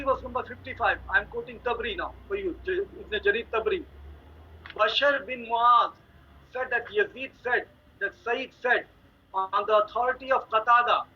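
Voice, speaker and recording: A man in a religious debate, steadily quoting chains of scholars and repeating citations. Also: very high voice. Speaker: Muslim debater. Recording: dull lo-fi audio with faint noise.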